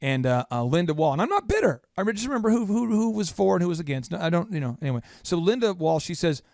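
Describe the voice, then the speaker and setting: Male podcast host with a raised voice, rapid-fire storyteller, poking fun at himself, dry close sound. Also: sits high, vocal fry, dry recording. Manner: animated, rapid-fire, self-mocking. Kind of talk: storytelling in casual chat.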